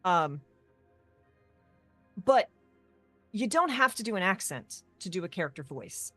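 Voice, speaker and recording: Animated woman in casual chat. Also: fairly low pitch, no echo, soft background music. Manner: animated, rambling with quick tangents. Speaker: co-host of a tabletop gaming talk show.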